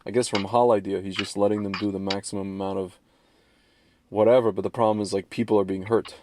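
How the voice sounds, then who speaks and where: A man's voice: fairly low pitch, little pitch movement, quick pace, background noise. A man in his thirties co-hosting a casual chat show, rambling with restarts, laughing often and acting out quoted voices. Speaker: podcast co-host.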